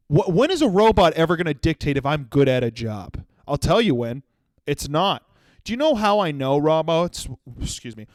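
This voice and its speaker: A young man hosting a comedy podcast, telling a story in an animated way and acting out the people he quotes. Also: a little high, no echo, clean studio sound. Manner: animated storytelling with acted-out quotes and sudden shouts. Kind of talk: solo comedic monologue.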